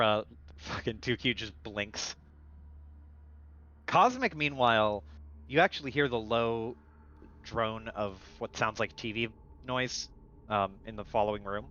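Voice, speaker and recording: A man's voice: lowish voice, a bit bright, highs cut off. A man narrating a tabletop game as game master, rambling with many fillers and restarts.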